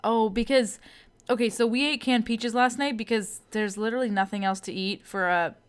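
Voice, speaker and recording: A woman's voice: fairly high pitch, fairly even intonation, normal speed, clear, resonant tone. A woman co-hosting a podcast with her partner, chatting casually and teasing him. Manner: teasing, talkative. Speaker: podcast co-host. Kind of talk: casual chat.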